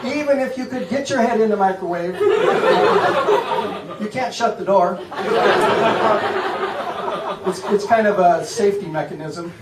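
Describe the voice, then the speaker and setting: Stand-up comic, American man, high voice, deadpan and self-mocking, roomy distant club recording. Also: unhurried, long pauses, a loud crowd. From United States. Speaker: stand-up comedian. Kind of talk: stand-up comedy set. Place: comedy club stage. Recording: echoey room from far off, loud noise.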